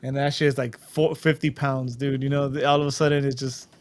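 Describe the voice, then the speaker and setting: A man's voice: medium pitch, level tone, fairly quick. A man co-hosting a sports podcast, who talks bluntly and swears often. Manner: blunt, profane, heated. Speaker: podcast co-host. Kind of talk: casual sports chat.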